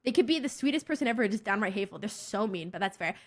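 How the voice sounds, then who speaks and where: A young woman streamer chatting casually with her viewers, blunt, excitable and swearing constantly. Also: mid-range voice, racing. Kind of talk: casual livestream chat with viewers.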